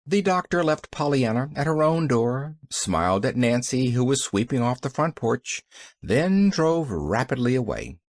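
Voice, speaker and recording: Expressive male audiobook narrator. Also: mid-range voice, a little slow, no echo, studio quality. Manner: expressive storytelling.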